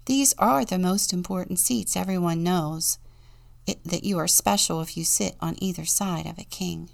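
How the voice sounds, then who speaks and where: A woman deacon reading a children's Bible story and a picture book aloud, in a gentle storytelling manner with soft whispered moments. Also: fairly low pitch, normal speed, gravelly, dry recording.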